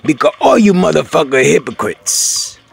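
A man delivering a profane, shouting rant at his viewers as host of his own channel. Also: fairly high pitch, very animated, normal speed, vocal fry. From Puerto Rico.

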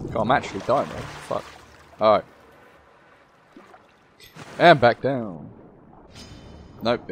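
A man giving casual, joking gameplay commentary, swearing freely as he plays. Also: lowish voice. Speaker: gameplay YouTuber.

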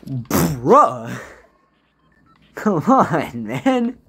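A man giving casual gameplay commentary as a gaming YouTuber, swinging between low muttering and loud, frustrated outbursts. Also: very animated, extremely slow, gravelly, long pauses, husky.

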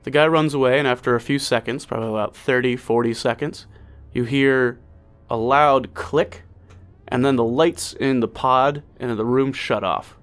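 A man's voice: medium pitch, fairly even intonation, moderate pace, a bit bright. A man narrating as game master, in a loose, casual way with fillers and swearing.

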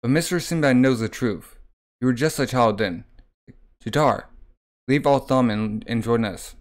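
A man's voice: mid-range voice, moderate pace, close to an everyday voice. Man reading as a kind pleading boy magi.

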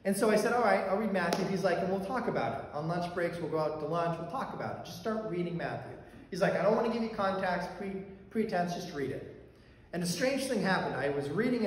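A man's voice: high voice, animated, fast. A male pastor telling a personal story in a sermon, conversational, with fillers and restarts. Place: church sanctuary. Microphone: handheld or stand mic that fell during talk. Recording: very echoey church hall, faint background noise.

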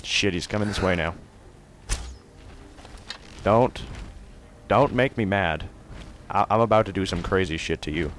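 A man doing let's play commentary, swinging from excited yelling and taunts to quiet muttering. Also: low-pitched, a little slow, long pauses, slight background noise. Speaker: gamer.

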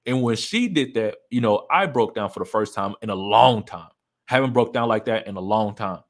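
A man's voice: on the low side, expressive, moderate pace. Candid man telling a personal story. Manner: candid, emphatic, repeats key lines.

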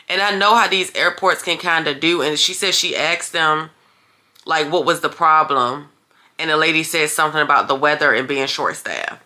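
A woman talks straight to her viewers in a casual vlog. She is chatty and blunt, calls them y'all and swears freely when something annoys her. Her voice sits a little low but comes across bright and forceful. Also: moderate pace. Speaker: vlogger. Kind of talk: casual vlog talk to camera.

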